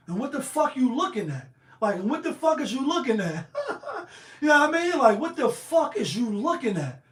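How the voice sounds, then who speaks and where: A man hosting a livestream, delivering a profane, fiery monologue. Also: very high voice. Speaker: livestream host. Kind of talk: heated monologue. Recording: echoey room.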